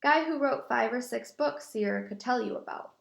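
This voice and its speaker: A man's voice: very high voice, normal speed, vocal fry, fairly bright tone, full character voice. A woman voicing a thoughtful, casual boy teammate. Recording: echoey room.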